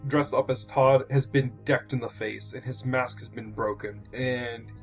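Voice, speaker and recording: A man's voice: mid-range voice, steady tone, unhurried, soft background music. A man running a tabletop game, narrating and joking casually with fillers. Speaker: game master.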